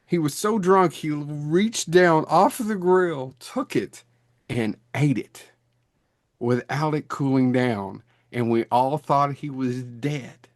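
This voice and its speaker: A man's voice: on the high side, slow pace, no room sound, studio quality. A man in his forties, a podcast co-host, rambling through anecdotes in casual chat with frequent laughter.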